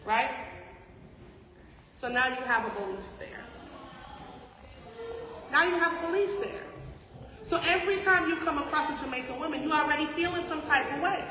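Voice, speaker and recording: A woman teaching a class as a spiritual teacher, talking conversationally with rhetorical questions and "right?" checks. She swings between soft asides and loud emphasis. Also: high voice, lively intonation, normal speed, pauses often. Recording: echoey hall from far off.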